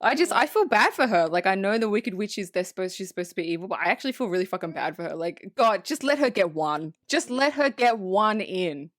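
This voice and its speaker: A woman co-hosting a movie podcast, recapping the film in casual, profane, animated chat and acting out bits of the characters. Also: mid-range voice, fairly quick, few pauses, dry recording, clean studio sound. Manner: animated, swears freely, acts out characters. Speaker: podcast co-host.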